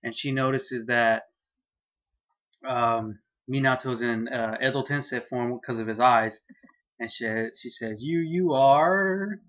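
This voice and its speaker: A man's voice: medium pitch, a little slow. Hyped guy doing a manga review, swears a lot, laughs, kinda muffled lo-fi mic. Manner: excitable, profane, laughing, retells scenes loosely. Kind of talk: casual manga chapter review.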